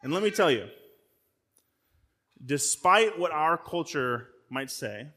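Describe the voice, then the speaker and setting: With a slightly high, somewhat bright voice, a man preaches as a visiting pastor. His sermon is conversational and aimed straight at the audience, punctuated by frequent word repeats and restarts.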